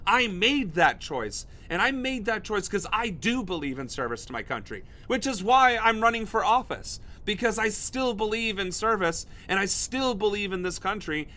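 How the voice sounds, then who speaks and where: A man from the United States rants through his political livestream, his voice riding high and ringing bright. He swears freely and leans hard into sarcasm and contempt. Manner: profane, heated, sarcastic. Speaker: political streamer and host. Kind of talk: ranting political commentary on a livestream.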